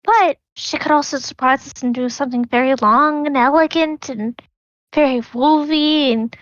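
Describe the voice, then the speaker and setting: A woman's voice: high-pitched, fairly even intonation, normal speed, a bit bright, no room sound, dull audio. A woman playing a tabletop game, chatty and playful. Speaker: player. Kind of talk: casual tabletop game play.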